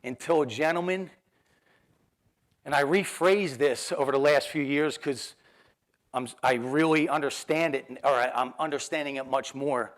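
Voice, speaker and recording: Animated New Jersey motivational speaker, man. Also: a little high, normal speed. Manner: animated storyteller acting out dialogue, laughing often. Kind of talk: storytelling keynote talk.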